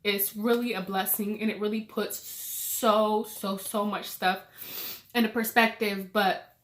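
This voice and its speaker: A young woman vlogging about her pregnancy, crying as she talks, halting and repeating herself with many fillers. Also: mid-range voice, fairly even intonation. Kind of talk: emotional personal vlog.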